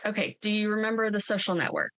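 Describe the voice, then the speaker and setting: Frank, animated female co-host for casual film chat; mid-pitched, dry sound. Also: fast, no echo, poor audio. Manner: frank and animated, laughs often. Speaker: podcast co-host. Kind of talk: casual movie-review chat.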